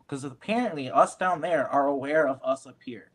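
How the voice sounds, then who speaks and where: A man's voice: fairly high pitch, normal speed, a bit bright, slightly rough. A man talks in a loose, rambling way as a round-table guest. He is earnest and fills his speech with many fillers. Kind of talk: casual round-table chat.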